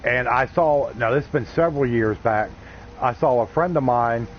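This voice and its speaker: While streaming a game, a man with a mid-range voice talks casually at a normal pace, rambling in a relaxed, folksy style. The audio is slightly dull lo-fi stream sound with a little hiss or hum.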